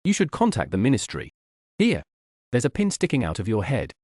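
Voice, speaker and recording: A man reading an audiobook, voicing a calm, courteous gentleman. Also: mid-range voice, fairly quick, no echo, studio quality.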